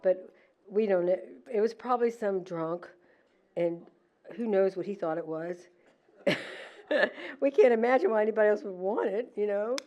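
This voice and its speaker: A middle-aged woman telling a story in a casual, animated way, acting out what people said. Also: medium pitch, normal speed, highs cut off. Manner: animated, laughing, acts out quoted lines. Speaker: decorator at a museum holiday event.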